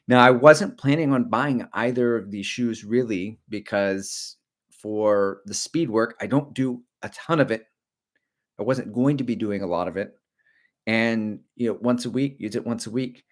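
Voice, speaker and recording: A middle-aged man with a lowish voice and moderate pace hosts a casual running livestream. He rambles and jokes with his viewers, briefly slipping into silly character voices.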